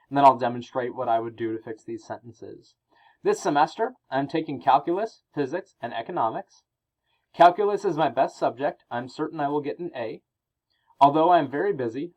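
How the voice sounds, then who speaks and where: A man teaching a recorded grammar lesson, explaining each rule patiently and reading his example sentences aloud with clear pauses. His voice sits at a middle pitch. The audio is a little dull and lo-fi. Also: a little mellow.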